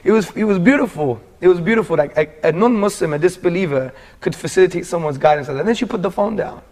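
A man's voice: high-pitched, fast. Earnest man telling a heartfelt story. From England. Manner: animated, earnest, calls the listener "bro". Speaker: guest telling his conversion story. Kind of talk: casual interview storytelling.

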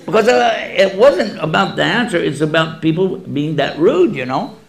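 A man's voice: high-pitched, moderate pace, vocal fry. A man speaking as an Islamic lecturer in a public talk, answering audience questions by telling stories with humor and acting out quoted voices. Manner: animated storyteller who acts out quoted voices with humor.

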